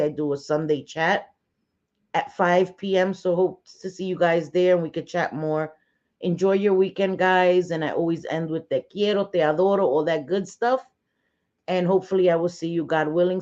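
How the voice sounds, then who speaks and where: A woman's voice: fairly low pitch, darkish tone. A middle-aged woman from New York with a New York accent, hosting a casual livestream chat in a blunt, chatty way and cursing freely. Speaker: livestream host. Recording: slightly dull lo-fi sound.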